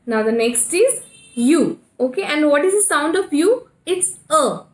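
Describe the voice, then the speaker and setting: In an echoey room, a woman with an Indian English accent teaches kindergarten phonics, slowly spelling words one letter at a time and answering her own questions. Her voice is high-pitched, sing-song, and a little mellow.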